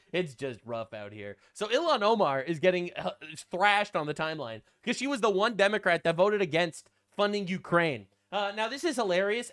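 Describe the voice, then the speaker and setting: An American man who hosts political commentary riffs sarcastically through casual reaction talk, his fairly bright voice sitting noticeably high for a man. He's blunt and crude, tossing in slang as he goes.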